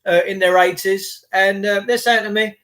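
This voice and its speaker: A man hosts a casual livestream and rambles on in a loose, chatty way. He greets viewers by name as he talks. His voice sits high for a man. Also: fairly even intonation, normal speed, a bit bright. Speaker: livestream host. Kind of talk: casual live chat with viewers.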